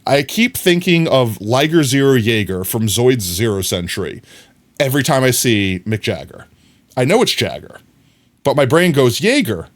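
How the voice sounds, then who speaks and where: A man streaming live, chatting casually with his viewers in a playful, joking way. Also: mid-range voice. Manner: playful, joking, chuckles often.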